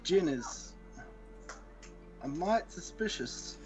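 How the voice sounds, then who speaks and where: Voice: mid-range voice, animated, extremely slow, over music. A player voicing a wary, suspicious companion in a tabletop role-play. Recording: noisy mic with clicks.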